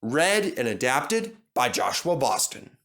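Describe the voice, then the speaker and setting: A man reading and narrating a children's storybook in an expressive way. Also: mid-range voice, takes it slowly. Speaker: storybook reader.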